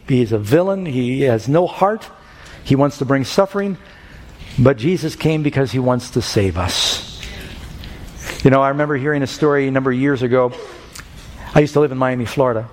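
A man's voice: mid-range voice, expressive, brisk. A man preaching an evangelistic sermon, telling stories and pleading with his listeners. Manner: storytelling, rising to urgent pleading. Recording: reverberant hall with faint music.

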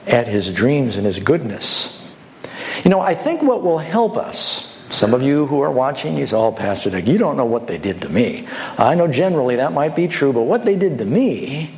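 A male pastor preaching a sermon, telling illustrative stories with lively, animated delivery. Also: medium pitch, slight background noise. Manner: animated storytelling, acting out voices.

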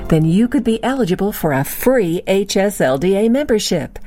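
A woman's voice: medium pitch, big pitch swings, moderate pace, dark tone, faint music behind. A woman announcing a radio program in an upbeat promotional read.

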